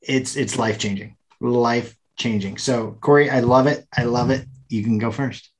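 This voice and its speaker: A man's voice: mid-range voice, fairly even intonation, normal speed. A man co-hosting a podcast, talking enthusiastically and earnestly in casual conversation. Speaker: podcast co-host.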